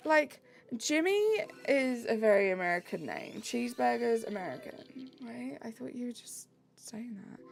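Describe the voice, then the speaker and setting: Giggly streamer woman with a gravelly edge. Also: on the high side. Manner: giggly, self-mocking, chatty. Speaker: streamer reading chat. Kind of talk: casual live-stream chat.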